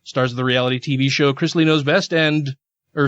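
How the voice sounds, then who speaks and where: A man's voice: mid-range voice, fairly even intonation, a little fast, fairly bright tone, no echo. A man co-hosting a casual podcast, reading news articles aloud and adding wry asides. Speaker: podcast co-host. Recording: dry, dull lo-fi podcast audio.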